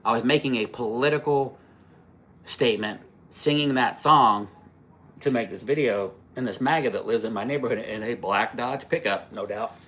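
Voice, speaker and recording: A man's voice: medium pitch, moderate pace, a bit bright. A man in his fifties hosting a livestream, telling stories in a rambling, profane way with many fillers and restarts. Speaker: livestream host. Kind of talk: casual livestream storytelling.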